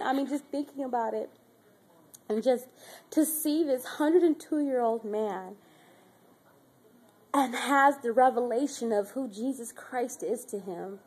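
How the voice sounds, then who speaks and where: A woman's voice: on the high side, unhurried, a little mellow, breathy edge. A woman in her twenties telling a heartfelt personal story in a casual vlog, rambling with many fillers and growing more emotional as she talks. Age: 20s. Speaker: caregiver. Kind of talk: personal faith vlog testimony.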